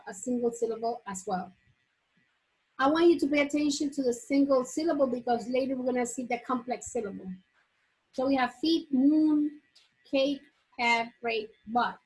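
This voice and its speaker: Woman teacher modeling words slowly. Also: on the high side, low-quality recording. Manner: slow, drawn-out modeling of example words; frequent checking "okay?" with the class. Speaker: English teacher. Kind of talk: classroom lesson on pronunciation.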